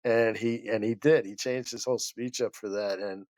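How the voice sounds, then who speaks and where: A man's voice: on the low side, steady tone, moderate pace, a little mellow, no echo. A man who is a guest chiropractor, telling a story in a rambling, passionate way that keeps interrupting itself.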